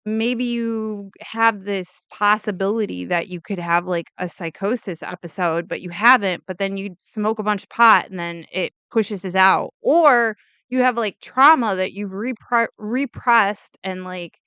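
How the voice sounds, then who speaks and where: A woman's voice: mid-range voice, measured pace, pushed and bright, clean tone, no room sound. A woman casually telling a true crime story as a vlogger, rambling with lots of "like" and opinionated asides and disclaimers. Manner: rambling, heavy use of "like", self-interrupting asides.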